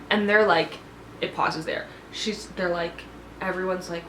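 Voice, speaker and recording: Brief: female reality-show recapper, chatty and expressive, roomy echoey sound. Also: medium pitch, moderate pace, a little hiss or hum. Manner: chatty and expressive, with many fillers like "like". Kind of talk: casual recap vlog. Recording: roomy echo.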